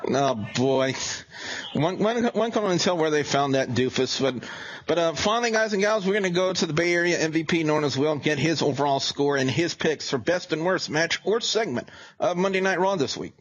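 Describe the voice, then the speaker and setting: Rambling, higher-voiced male show host. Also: expressive, normal speed, poor audio. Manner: rambling, restarts sentences often. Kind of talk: casual wrestling review chat.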